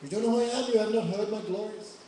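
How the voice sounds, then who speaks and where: A furious, boastful warrior sage shouts his threats, as a male storyteller puts him on. The voice sits a little high and booms through a very echoey hall, heard from well away from the mic. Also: fairly even intonation, a little fast, recorded from a distance, slight background noise, natural voice.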